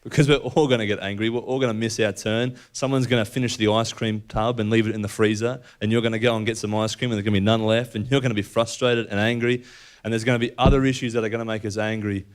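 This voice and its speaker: A man's voice: fairly low pitch, fairly even intonation, fast talker. A young man giving a personal faith talk to an audience, telling stories and acting out the dialogue in a conversational way. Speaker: speaker at a faith event.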